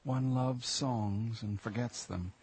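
An actor playing the fallen angel Lucifer, confused in a human body, in a radio drama, halting and bewildered. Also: male voice, medium pitch, fairly even intonation, darkish tone, husky. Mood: mournful. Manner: bewildered then rising to rapture. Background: music.

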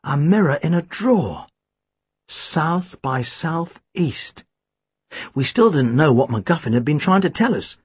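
Brief: expressive first-person narrator for a storybook, breathy, very animated. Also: mid-range voice, a little fast, few pauses, no echo. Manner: lively, expressive reading. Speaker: audiobook narrator.

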